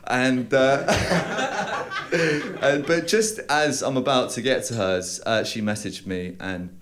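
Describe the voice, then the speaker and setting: A young man with a London accent tells stand-up stories in a deadpan, halting way, full of "uh"s. His voice sits mid-range. Loud audience laughter rolls in behind him in a live club. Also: medium pitch, a crowd in the background. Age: young adult. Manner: deadpan storytelling with hesitant fillers and bursts of put-on voices. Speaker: stand-up comedian. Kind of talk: stand-up comedy set.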